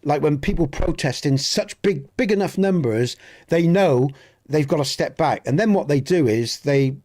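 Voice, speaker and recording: A man from Dorset in southwest England, whose voice is a little high and darkish, chats casually with live viewers during a game stream. He rambles earnestly, often repeating and restarting words.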